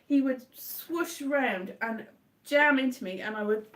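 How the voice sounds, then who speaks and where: A woman's voice: unhurried, recorded from a distance. A woman chatting casually on a live stream, telling rambling stories with lots of restarts and self-corrections. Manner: animated, jumps into high-pitched acted exclamations.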